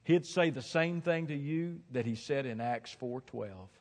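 A man preaching a sermon from a platform, swinging dramatically from hushed tones to shouting and hammering points home with emphatic repetition. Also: mid-range voice, a little slow. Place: large hall, speaking from a platform. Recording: long hall reverb.

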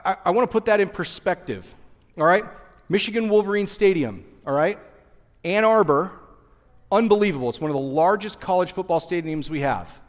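A man preaching as a pastor, retelling the story in a breezy, jokey way and acting out quotes. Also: high voice. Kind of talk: casual storytelling sermon. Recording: long hall reverb.

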